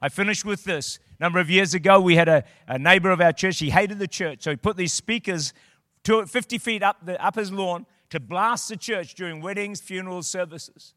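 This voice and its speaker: High-voiced man preaching with fire. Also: fairly quick, no echo, clean studio sound. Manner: impassioned preaching, rising to shouted declarations. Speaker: pastor. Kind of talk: sermon.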